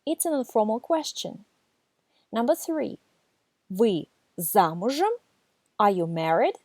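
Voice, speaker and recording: A woman giving a scripted beginner language lesson, reading numbered examples and saying the foreign words slowly and carefully. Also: a little high, sing-song, a little mellow, no echo. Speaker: language teacher.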